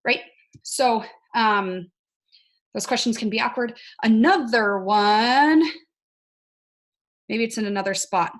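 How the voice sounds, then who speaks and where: A woman's voice: on the high side, slow, long pauses. A woman coaching her fitness team on a casual video call. She is chatty, often says "like" and checks in with "right?". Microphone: video call mic.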